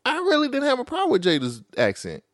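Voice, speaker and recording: A man guesting on a podcast, chatting animatedly about a movie and repeating words when excited. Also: very high-pitched, fast, no room sound, studio quality. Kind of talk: casual movie chat.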